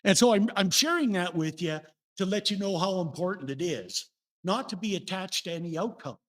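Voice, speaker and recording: An older man preaches to his congregation in a relaxed, folksy way, telling stories from his own life. His voice sits a little high and swings widely up and down as he asks the room questions. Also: normal speed. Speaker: minister. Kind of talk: sermon. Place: church sanctuary.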